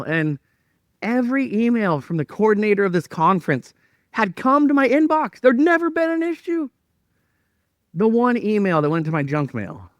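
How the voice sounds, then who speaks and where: A male pastor telling a personal story in a sermon, animated and self-mocking as he acts out his own thoughts. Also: fairly high pitch, dry recording, studio quality.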